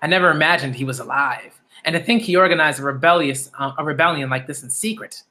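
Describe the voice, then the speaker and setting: A man's voice: fairly high pitch, quick pace, bright, forceful tone. A man reading aloud the lines of a gleeful, cruel male demon aristocrat who hunts people, smug and relishing each word.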